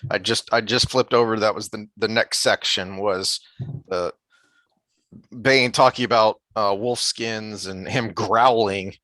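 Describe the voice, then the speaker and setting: A man's voice: on the low side, steady tone, measured pace, sharp tone, no echo. A man co-hosting a casual book discussion podcast, thoughtful and full of fillers and restarts, sometimes reading passages aloud. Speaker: podcast co-host.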